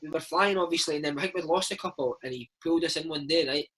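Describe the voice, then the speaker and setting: A Scottish man in his thirties, a former footballer telling stories in a casual interview, animated and peppering his talk with "mate". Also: a little high, fast talker, husky, low-quality recording. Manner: animated, chatty, keeps saying mate. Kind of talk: casual storytelling chat.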